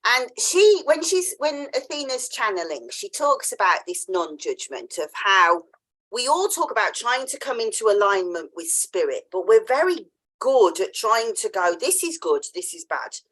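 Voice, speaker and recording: Animated woman telling a story. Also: fairly high pitch, normal speed. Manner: chatty storytelling, acts out quoted voices; laughs often. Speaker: podcast host. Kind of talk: casual interview chat.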